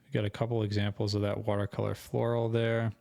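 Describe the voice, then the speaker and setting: A young man walking through a screen-share tutorial, thinking aloud casually and correcting himself as he goes, his voice going hoarse. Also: on the low side, little pitch movement, fast, warm tone, dry recording. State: losing his voice. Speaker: co-host of an online selling channel.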